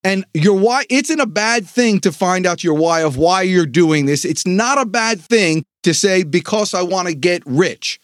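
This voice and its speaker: A man hosting a sales podcast, delivering an energetic motivational pep talk with dramatic pauses. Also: high voice, dry recording, studio quality. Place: home studio.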